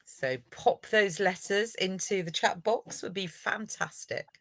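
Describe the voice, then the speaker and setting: A woman's voice: mid-range voice, unhurried, fairly bright tone, no echo. Upbeat woman running a quiz. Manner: encouraging, upbeat, praises viewers. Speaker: teacher hosting a live revision session. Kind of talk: live online lesson, quiz hosting.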